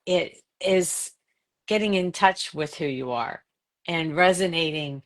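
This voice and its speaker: A woman author speaks as a guest over a video call. Her voice is fairly low, and she speaks slowly in a calm, earnest and gentle way. Her pace stays unhurried and reflective throughout. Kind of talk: reflective wellness talk.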